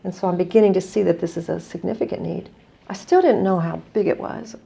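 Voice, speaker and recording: A woman's voice: fairly low pitch, fast, gravelly, warm tone, breathy edge. A middle-aged woman from the United States, an earnest guest telling a story in conversation and quoting others as she goes. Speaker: guest, non-profit executive director.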